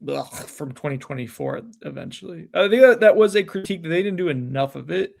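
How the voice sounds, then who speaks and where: Creaky-voiced male podcast host. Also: fairly high pitch, animated, brisk. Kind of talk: casual roundtable chat.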